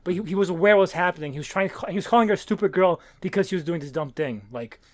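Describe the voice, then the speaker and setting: A man co-hosting a podcast, talking excitedly about a comic and stumbling over his words as he explains. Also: sits high, very fast. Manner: excitable, stammers and restarts. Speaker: podcast co-host. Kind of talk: casual comic book discussion.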